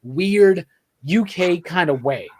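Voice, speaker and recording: A man with a fairly high voice talks comics in an eager, rambling way. He often starts over and keeps checking in with the others. It is a loose, casual chat over a couple of beers. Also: expressive, takes it slowly, darkish tone. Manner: enthusiastic, rambling with restarts and frequent "right?". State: drinking beer while talking. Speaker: podcast co-host.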